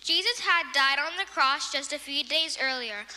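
A woman narrating a Bible story for children in a simple, clear storytelling manner. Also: sits high, normal speed, sharp tone, in a large hall. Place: church.

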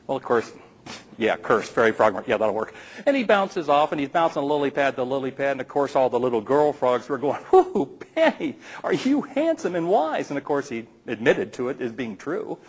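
A man's voice: mid-range voice, a little fast, slightly rough, poor audio. A man telling a playful folk tale aloud to a live audience, with teasing asides to the listeners. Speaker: storyteller.

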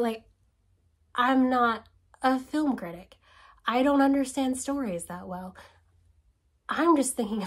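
Sarcastic woman ranting to camera. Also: medium pitch. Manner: animated and sarcastic, full of rhetorical questions; sometimes drops into a whisper. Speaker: video essayist host. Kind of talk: casual spoken commentary.

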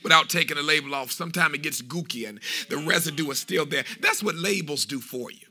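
A man preaching a fiery sermon in a church, half-singing and shouting his phrases and repeating call-and-response refrains. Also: a little high, a little fast, slightly rough. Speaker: pastor. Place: church sanctuary.

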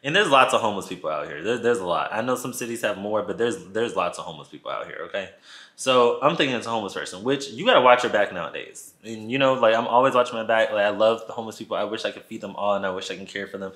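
A man's voice: fairly low pitch, rapid-fire, a bit bright, echoey room. A man vlogging a casual storytime, retelling events dramatically and talking straight to his viewers.

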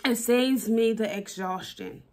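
A woman's voice: on the high side, unhurried. A woman vlogging candidly about her relationship, emotional and blunt, swearing and repeating herself for emphasis. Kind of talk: personal vlog, talking to camera.

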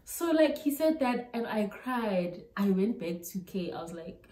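A young woman with a South African accent tells a story in a vlog, animated and chatty, dropping local-language words into her English. Her voice sits at a middle pitch. The room gives it a roomy echo. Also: measured pace. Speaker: YouTuber.

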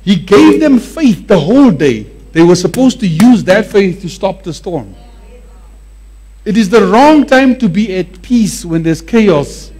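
A male preacher with a high voice that swings widely from phrase to phrase. He delivers a sermon emphatically and repeats words for effect. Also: very animated, measured pace, a little mellow, slightly rough.

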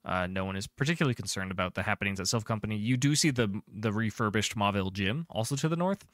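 Lowish guy dm-ing a tabletop game, chatty, lots of ums, dry close mic. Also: lively intonation, a bit bright, no room sound. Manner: descriptive, chatty, fills pauses with um and uh. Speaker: game master.

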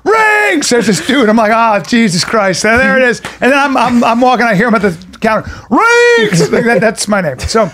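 A middle-aged man co-hosting a podcast, telling a story in a loose, animated, profane way and acting out other people's voices. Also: extremely high pitch, quick pace, hardly any pauses, background noise. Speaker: podcast co-host. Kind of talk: casual storytelling chat.

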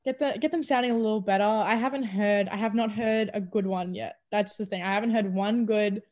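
A woman's voice: mid-range voice, fairly even intonation, brisk, darkish tone. A young adult woman with an Australian accent, chatting animatedly in an interview over a video call, laughing often. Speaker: college basketball player. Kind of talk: casual interview chat.

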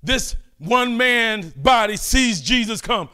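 An older man preaching a fervent sermon, calling out and pleading with his listeners between quieter asides. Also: very high voice, lively intonation, takes it slowly, clear, resonant tone, soft background music.

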